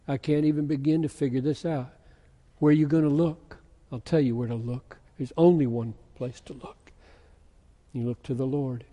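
A man preaching slowly and deliberately, his voice sitting a little high for a man. He builds from measured questions to loud, emphatic scripture reading. A long reverb trails after each phrase. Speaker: pastor. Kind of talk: sermon.

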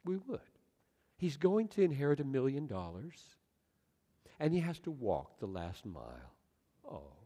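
A man's voice: medium pitch, sing-song, unhurried, pauses often. Earnest preacher in his sixties, echoing hall. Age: 60s. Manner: passionate, earnest, swings loud to soft. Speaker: pastor. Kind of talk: sermon.

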